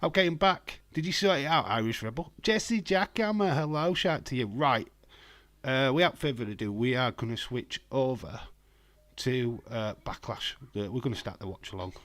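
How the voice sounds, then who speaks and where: A man with a hoarse voice, hosting a casual live stream from home and talking in a blunt, rambling way. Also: mid-range voice, normal speed, a bit bright. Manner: blunt, rambling, profane, reads chat aloud.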